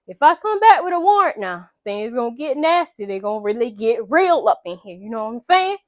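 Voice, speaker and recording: A woman's voice: fairly high pitch, expressive, a little fast, no echo, lightly acted. A woman voicing a female police officer, warning in a stern, firm tone.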